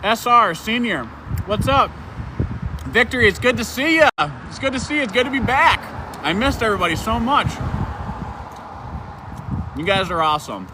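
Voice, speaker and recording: A man co-hosting an outdoor live stream who greets viewers by name in an excitable, friendly way. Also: sits high, moderate pace, pauses often. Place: outdoors in a town square. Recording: noisy outdoor street sound.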